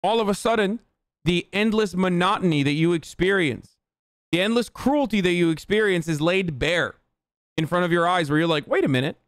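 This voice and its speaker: A man's voice: high-pitched, normal speed, fairly bright tone, no room sound, studio quality. Male streamer, profane and ranting, clean resonant voice with no room sound. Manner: reads viewer chat aloud and answers it. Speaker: livestreamer. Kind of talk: livestream rant and chat replies.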